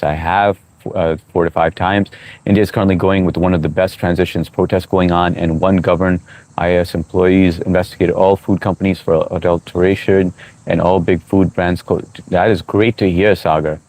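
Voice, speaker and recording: A man's voice: sits low, darkish tone. A middle-aged man hosting a casual livestream outdoors, reading viewer comments aloud, joking and chatting while he eats. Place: outdoors on a walk.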